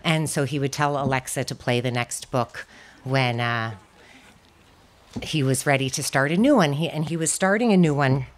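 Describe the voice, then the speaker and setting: A woman, the daughter of the deceased, speaking in a church at a memorial service, unhurried and hesitant with frequent pauses. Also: very deep voice. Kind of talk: memorial tribute speech.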